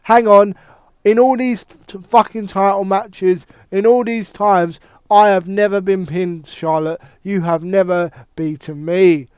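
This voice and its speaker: A man's voice: high-pitched, steady tone, measured pace, darkish tone, clean tone, no room sound, clean studio sound. A man voicing a defiant woman wrestler who confronts a rival.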